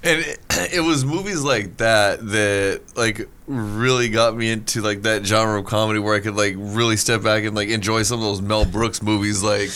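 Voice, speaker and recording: A man's voice: fairly low pitch, steady tone, moderate pace, few pauses, a bit bright. A man co-hosting a casual podcast chat about comedy films, talking loosely with lots of filler words and swearing. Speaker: podcast co-host.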